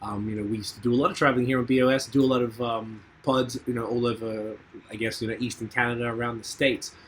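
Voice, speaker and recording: A podcast host with a medium-pitched, level voice talks quickly over a remote call that has a mute button. His chat is loose, with casual swearing and many fillers, and there's slight background noise.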